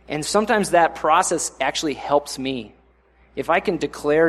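A young adult man preaching a sermon in a conversational way, often acting out inner voices in sudden louder bursts. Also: fairly high pitch, moderate pace. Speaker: pastor.

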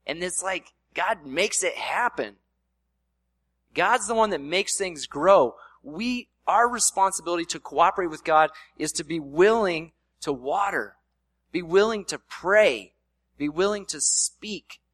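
A man's voice: high-pitched, expressive, a little slow, a bit bright, dry recording. A man preaching a sermon in a casual, conversational way, slipping in playful voiced asides. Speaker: pastor.

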